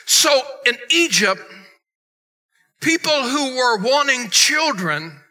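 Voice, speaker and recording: Male pastor, emphatic sermon, high and sharp, bright tone. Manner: emphatic preaching, swings between loud and hushed.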